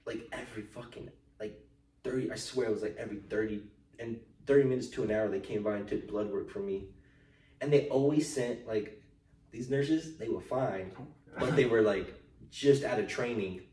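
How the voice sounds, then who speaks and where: A man's voice: on the low side, normal speed. A young man tells loose, profanity-laced stories from his childhood and acts out the people in them as he goes. He sits back from the mic, so he sounds a little distant. The room is bare and echoey. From United States. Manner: animated storytelling, swears freely, acts out quoted people. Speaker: podcast host. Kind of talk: casual chat.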